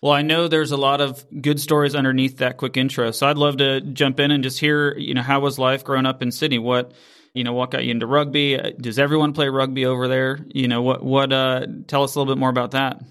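A man's voice: medium pitch, little pitch movement, quick pace, fairly bright tone. A man hosting a business podcast, welcoming his guest and asking loose, friendly questions. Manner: friendly, asks rambling questions with "you know". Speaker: podcast host.

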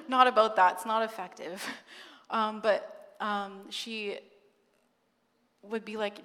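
A young woman giving a sermon testimony, telling her story with lively energy, acting out quotes and laughing often. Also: medium pitch, a little slow. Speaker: guest speaker. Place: church sanctuary. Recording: long church hall reverb.

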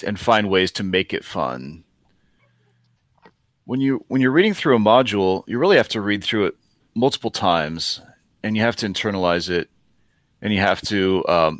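Man, lowish voice, podcast game master, thoughtful, dead-dry sound. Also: fairly bright tone, no room sound. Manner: thoughtful, with many restarts. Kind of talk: casual podcast discussion.

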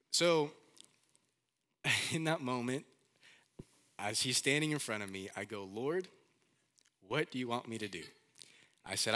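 Bright-voiced young pastor preaching animatedly. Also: male voice, medium pitch, measured pace, pauses often. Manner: animated storytelling, acting out quoted voices, candid asides. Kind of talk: sermon.

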